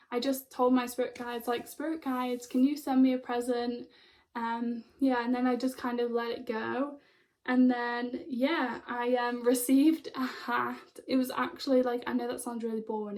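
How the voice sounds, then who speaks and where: A young woman tells a personal story to camera in a chatty, excitable way, full of fillers. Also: a little high. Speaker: spiritual vlogger.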